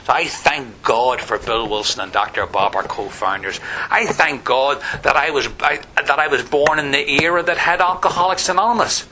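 A man's voice: medium pitch, normal speed, hardly any pauses, pushed and bright, a little hiss or hum, poor audio. A middle-aged man with a Northern Irish accent, giving a wry personal testimony at a recovery meeting, with many "you know" fillers. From Northern Ireland.

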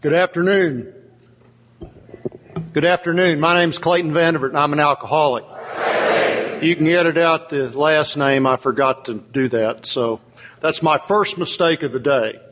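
A man's voice: fairly high pitch, moderate pace, pauses often, fairly bright tone. A man, opening an AA talk in a folksy, self-deprecating way. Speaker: AA speaker. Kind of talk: recovery talk. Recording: long hall reverb, faint noise.

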